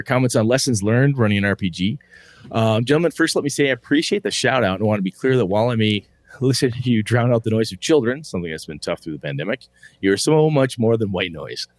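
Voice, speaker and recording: A man's voice: lowish voice, dry recording. A man co-hosting a casual podcast chat, rambling loosely, swearing offhand and acting out quotes. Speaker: podcast co-host.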